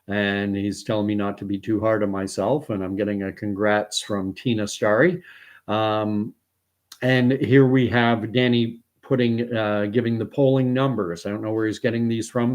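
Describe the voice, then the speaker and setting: Speaking with a lowish, somewhat dark tone, this fifty-something man from Canada hosts a relaxed news-commentary live stream. His talk wanders, packed with filler words and little chuckles.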